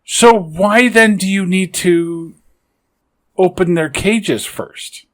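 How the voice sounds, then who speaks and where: A man's voice: high-pitched, takes it slowly. A man from Canada co-hosting a movie podcast, questioning plot holes in casual, incredulous chat. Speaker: podcast co-host.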